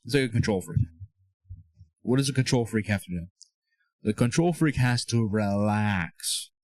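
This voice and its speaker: This is a dry recording of a young man with a fairly low, darkish voice speaking at normal speed. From a small room with a whiteboard, he gives an earnest, casual motivational talk about faith and self-improvement as a Christian speaker, coaching listeners and repeatedly asking "okay?" and "all right?"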